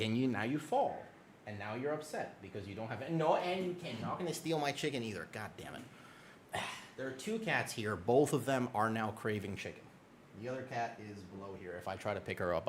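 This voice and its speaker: A man's voice: mid-range voice, slight background noise. A man chatting casually on a live game stream, swearing freely and playfully scolding his cat. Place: home room at a computer.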